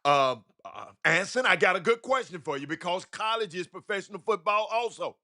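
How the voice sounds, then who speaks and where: A man's voice: high voice, animated, brisk, sharp tone. A man hosting a casual sports call-in show, loose and rambling, repeating words and talking to listeners as y'all.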